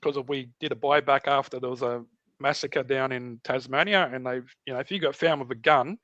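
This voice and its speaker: A middle-aged man from Australia, appearing as a podcast guest, relates a story in easygoing chat, lively and acting out voices and sounds. His mid-range voice goes fairly quick. No echo, but the highs are cut off.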